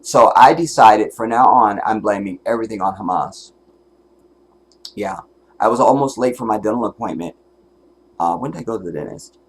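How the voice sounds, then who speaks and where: A man's voice: lowish voice, lively intonation, moderate pace, long pauses, slightly rough. A man hosting a livestream and giving commentary in an angry, profane, emotional rant, at times close to tears. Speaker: livestream host.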